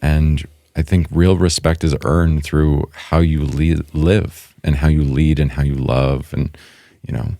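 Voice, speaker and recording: A man's voice: very deep voice, level tone, a little slow, mellow, no echo, studio quality. A man co-hosting a podcast, speaking earnestly and from the heart, often checking in with "right?", and reading a prepared closing thought. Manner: reads a prepared closing statement. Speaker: podcast co-host. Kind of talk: reflective conversational podcast.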